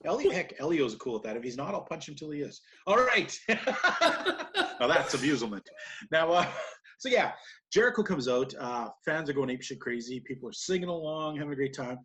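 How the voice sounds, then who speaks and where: A man's voice: on the high side, lively intonation, fairly quick, fairly bright tone. A man co-hosting a podcast, recapping wrestling matches in casual, rambling chat and laughing often. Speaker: podcast co-host.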